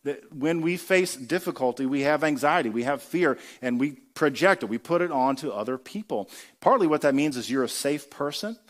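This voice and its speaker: A man's voice: on the high side, animated, moderate pace. Man preaching with rhetorical questions. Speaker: pastor. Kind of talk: sermon.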